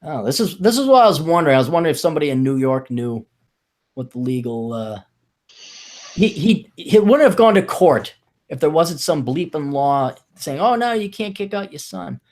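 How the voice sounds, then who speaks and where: A man's voice: a little high, expressive, normal speed, a little mellow. A man hosting a podcast, chatting casually and reading a news story aloud with sarcastic asides. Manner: sarcastic, mocking, laughs at the story. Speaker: podcast host.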